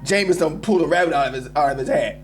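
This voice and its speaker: A man's voice: fairly high pitch, racing. A man hosting a live call-in show, ranting emphatically about sports and talking straight to his listeners. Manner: animated, emphatic, addresses listeners as y'all. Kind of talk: casual sports rant.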